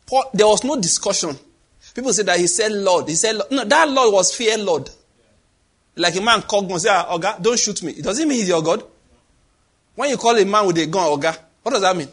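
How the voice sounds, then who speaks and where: A man preaching in a high, husky voice. His delivery is lively and dramatic, swinging widely in pitch as he acts out voices and sound effects. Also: brisk. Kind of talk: sermon.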